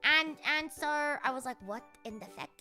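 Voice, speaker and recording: A woman's voice: high-pitched, moderate pace, pushed and bright, faint music behind. A woman streamer telling a story in a casual, rambling, profane way.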